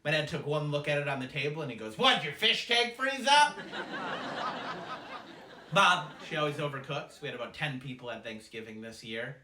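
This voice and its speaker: A man performing a stand-up routine, telling family stories in a quick, animated way. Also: medium pitch. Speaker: comedian. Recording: echoey room, distant mic, noisy.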